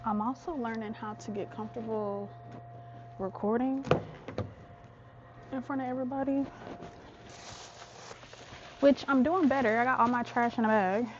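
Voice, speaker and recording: A woman's voice: fairly high pitch, fairly even intonation, normal speed, long pauses, muffled recording, background noise. A young woman vlogging casually to camera, chatty and often addressing viewers as "y'all", sometimes half-whispering to keep her business private. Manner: chatty, talks straight to viewers, often says "y'all" and "child". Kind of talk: casual vlog chat to camera. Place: home, stairs and outdoors. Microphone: phone or camera held by hand.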